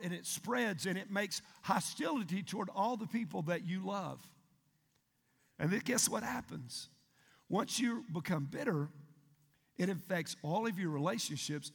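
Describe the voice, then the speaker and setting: Man, pastor, emphatic sermon, rhetorical questions, high-pitched, long hall reverb. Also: vocal fry, slightly rough.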